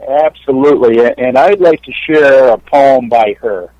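A man calling in to a show to read a poem, speaking in a deliberate, courteous way. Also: mid-range voice, darkish tone, dry recording. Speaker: caller reading a poem. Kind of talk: poetry reading and chat. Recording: dry phone line.

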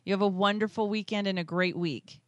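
Chatty woman host with a smooth voice. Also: medium pitch, fairly even intonation, fairly quick, no echo. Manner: chatty, affectionate, laughs often. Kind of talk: casual chat.

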